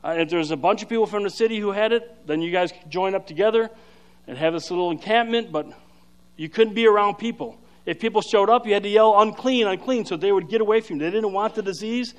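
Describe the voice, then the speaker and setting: A man preaching a sermon, explaining scripture in an emphatic, energetic way with frequent fillers and restarts. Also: high-pitched, fast talker. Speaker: pastor.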